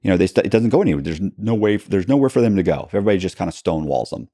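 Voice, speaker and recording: A man's voice: deep voice, lively intonation, racing, warm tone, no echo, clean studio sound. A man, a podcast guest, telling a story in a casual, rambling way with many restarts. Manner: rambling, frequent restarts, acts out quoted dialogue. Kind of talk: casual storytelling in a long interview.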